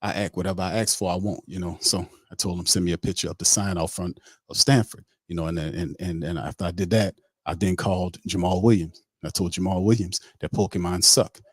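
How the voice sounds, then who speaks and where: A man's voice: sits low, fairly even intonation, brisk, dry recording, studio quality. A man doing a comic impression of a rambling, boastful male pro quarterback. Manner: rambling comic storytelling with mock dialogue.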